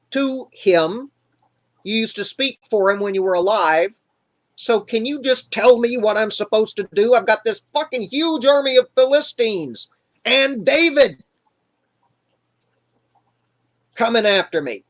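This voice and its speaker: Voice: mid-range voice, unhurried, pauses often, voice pushed up, lightly acted. Narrator doing a desperate pleading king. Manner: pleading, sheepish. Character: desperate sneaky male king. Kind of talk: improvised comic Bible retelling.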